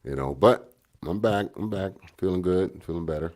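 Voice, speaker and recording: A man's voice: low-pitched, normal speed, a little mellow. A man co-hosting a podcast in casual chat, getting over a cold, laid-back and swearing freely. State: recovering from a cold. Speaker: podcast co-host.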